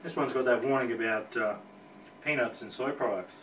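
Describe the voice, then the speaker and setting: Bright-voiced man tasting hot sauce. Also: mid-range voice, brisk. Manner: coughing, eyes watering from spice. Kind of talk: casual chat while tasting. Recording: echoey room, from far off, faint noise.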